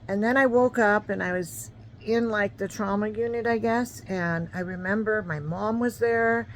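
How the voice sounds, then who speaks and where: A woman's voice: mid-range voice, moderate pace, a little hiss or hum, low-quality recording. Rambling woman in her fifties telling her story. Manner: rambling, conversational, many fillers. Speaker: vlogger. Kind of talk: personal storytelling.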